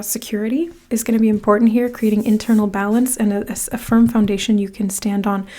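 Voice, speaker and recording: Warm-voiced woman giving a tarot reading. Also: medium pitch. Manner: rambling, with many "like"s and restarts; direct second-person encouragement. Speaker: tarot card reader. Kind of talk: casual pick-a-card reading to the viewer.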